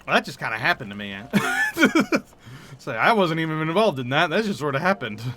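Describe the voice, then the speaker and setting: A man's voice: fairly high pitch, huge pitch swings, a little fast, bright, forceful tone, soft background music. A man streaming a role-playing game, chatting casually and laughing at himself. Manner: chatty, laughing, self-mocking.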